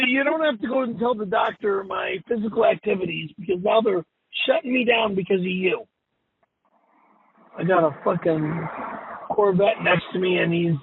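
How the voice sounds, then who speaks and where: A man's voice: high-pitched, vocal fry, husky. A man leaving an angry, profane voicemail from his car, cursing and repeating himself. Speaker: show host. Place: driving in a car. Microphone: phone. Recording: tinny phone voicemail.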